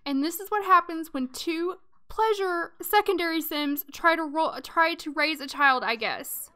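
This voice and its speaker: A woman's voice: very high-pitched, measured pace, pushed and bright. A woman hosting a let's play, commenting casually on her game and reacting with dramatic emotion while addressing viewers.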